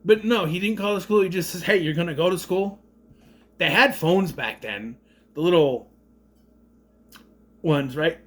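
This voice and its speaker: Male movie reviewer, casual and rambling, sarcastic and profane, high and lively voice. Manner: rambling, sarcastic, swears freely.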